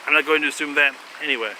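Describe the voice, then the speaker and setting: A man's voice: a little high, quick pace, noisy background. A man rambling through a casual monologue, laughing often, swearing, and trailing off into fillers and restarts.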